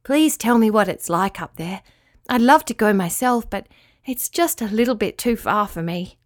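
A woman's voice: medium pitch, expressive, moderate pace, no echo, natural voice. Friendly young female blackbird for a storybook, read by a woman, dry close mic. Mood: kind.

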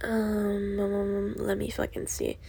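A woman's voice: mid-range voice, monotone, slow, gravelly, mellow, slight background noise. A young woman hosting a casual solo podcast, ranting in a profane, rambling way and laughing through her angry venting. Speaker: podcast host.

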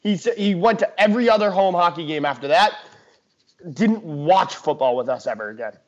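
A young man co-hosting a sports podcast, telling a story in a chatty, animated way with lots of fillers and restarts. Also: high voice, a little fast. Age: young adult. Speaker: podcast co-host. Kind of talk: casual sports chat. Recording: dull lo-fi podcast audio.

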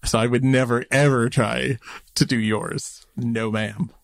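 A man's voice: mid-range voice, steady tone, a little slow, creaky, no room sound, clean studio sound. A man co-hosting a podcast, chatting casually about a show in a wry, teasing way. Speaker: podcast co-host. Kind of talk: casual chat reviewing a show.

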